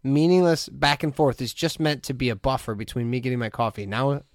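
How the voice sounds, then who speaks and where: A man of middle pitch telling stories in a relaxed podcast chat. He keeps jumping into high, lively voices to play the people in his anecdotes. The sound is dry and close, with no room around it. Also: brisk, no echo. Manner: animated, acts out other people's voices with big pitch jumps. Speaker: podcast co-host. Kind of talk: casual chat, storytelling.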